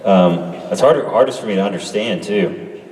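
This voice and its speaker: A man's voice: lowish voice, moderate pace, darkish tone, slight background noise. A man joking and teasing casually on a convention panel stage. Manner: playful, teasing, laughing. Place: large convention hall. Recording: roomy hall reverb from far off.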